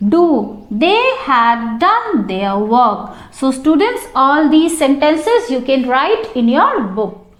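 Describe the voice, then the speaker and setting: A woman's voice: high voice, roomy sound. A woman teacher, explaining a textbook lesson to students step by step and often addressing them directly.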